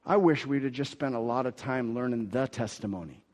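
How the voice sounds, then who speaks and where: A man preaching a sermon as pastor, swinging from quiet asides to loud, emphatic declarations and repeating key phrases. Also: medium pitch, a little fast, big-room sound.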